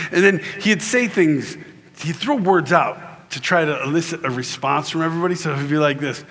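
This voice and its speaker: A high, bright-voiced man tells a funny story from a conference stage. He jumps into other people's voices, swings his pitch up and down, and laughs his way through the lines. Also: fast talker, a little hiss or hum. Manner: animated, acts out voices, laughs often. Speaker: conference keynote speaker. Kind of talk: comedic storytelling sermon. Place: large conference hall.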